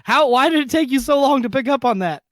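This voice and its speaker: A podcast co-host in casual, argumentative chat, talking in quick bursts over a voice chat app. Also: high-pitched, animated, no echo. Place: home, talking over an online voice call. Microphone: computer mic on a voice chat app.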